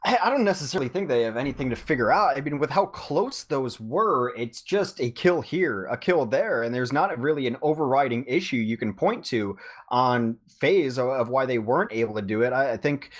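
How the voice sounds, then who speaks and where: A man's voice: medium pitch, lively intonation, fairly quick. A man co-casting an esports match in a loose, conversational way, with plenty of "you know" and restarts. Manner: conversational, frequent fillers and restarts. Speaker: esports co-caster. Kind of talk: esports commentary.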